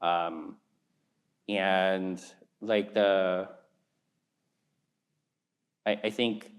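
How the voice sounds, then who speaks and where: Very deep-voiced man speaking haltingly. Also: fairly even intonation. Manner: searching, halting, heavy use of like and um. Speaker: alumni panelist. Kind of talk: casual panel talk.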